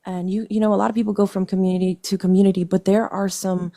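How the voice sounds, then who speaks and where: A woman's voice: medium pitch, level tone, fast, dark tone. A woman hosting a podcast, talking in a supportive, emphatic casual chat. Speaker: podcast host.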